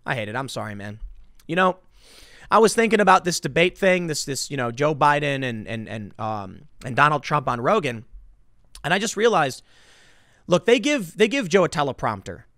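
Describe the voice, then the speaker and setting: A man giving opinionated political commentary in an animated, emphatic way, often repeating words. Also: a little high, normal speed, no echo, studio quality.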